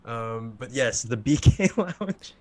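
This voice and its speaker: A young man co-hosting a live podcast, trading playful jokes in an easy, casual chat. His voice sits at an ordinary middle pitch, and he talks with quick asides and laughs. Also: lively intonation. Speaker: podcast co-host.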